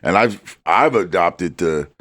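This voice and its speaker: Animated man chatting on a podcast. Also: deep voice, slow pace, no echo, clean studio sound. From West Coast of the US. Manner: animated, puts on voices and drawls when quoting people. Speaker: podcast co-host. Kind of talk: casual chat.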